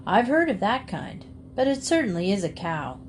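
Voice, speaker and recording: A woman's voice: mid-range voice, sing-song, normal speed, slight background noise, lightly acted. A woman voicing a stubborn little country man who argues back, in a storybook reading. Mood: arguing. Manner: argumentative.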